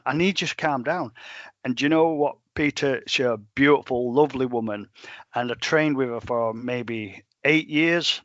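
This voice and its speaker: A middle-aged man, a dog trainer telling stories in a plain-spoken, animated way. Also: medium pitch, normal speed, dry recording, dull audio. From England. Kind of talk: storytelling in a podcast interview.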